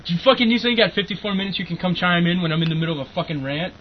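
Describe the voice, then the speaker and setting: High-voiced young man ranting with profanity. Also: lively intonation, rapid-fire. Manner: profane, rambling, bursts into angry shouting. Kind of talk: casual ranting chat. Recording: muffled lo-fi recording with faint hiss.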